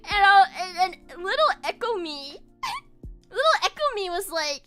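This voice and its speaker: Giggly, high-pitched young woman streamer. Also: measured pace, faint music behind. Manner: giggly, animated, laughs often and restarts phrases. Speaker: virtual streamer. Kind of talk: casual storytelling while drawing on stream.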